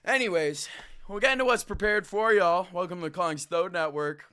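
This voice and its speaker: A man hosting a live sports talk show, ranting in a frustrated and loud way into a desk mic. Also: high-pitched, fairly quick, clean tone. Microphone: desk mic kept at a distance.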